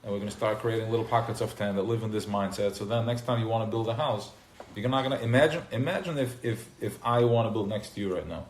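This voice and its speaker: A man giving an informal live class to a small group, who gets worked up and loud, then drops into quiet asides. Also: on the low side, fast talker. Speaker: teacher of a class. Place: room with a small live audience. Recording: roomy live recording with faint noise.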